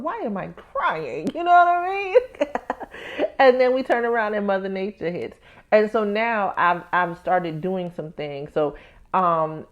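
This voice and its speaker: Candid, animated woman podcast host. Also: medium pitch, lo-fi sound. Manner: candid, animated storytelling with acted-out inner voices; addresses listeners as "baby" and "y'all". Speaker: podcast host, tax professional. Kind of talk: casual personal podcast talk.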